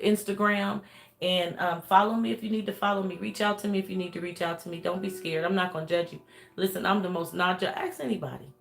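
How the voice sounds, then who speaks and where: A woman's voice: mid-range voice, gravelly, a bit bright. A woman life coach giving an emphatic motivational talk. She repeats her points over and over and laughs often.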